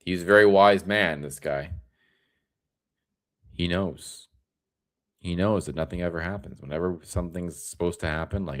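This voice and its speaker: Rambling low-voiced young streamer. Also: male voice, normal speed, pauses often. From Florida. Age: young adult. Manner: rambling, relaxed, tired. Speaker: live stream host. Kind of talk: casual live stream commentary.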